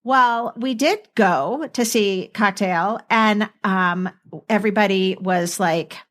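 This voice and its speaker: An older woman co-hosting a podcast, rambling warmly through a dating story in casual chat. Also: medium pitch, takes it slowly. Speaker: podcast co-host.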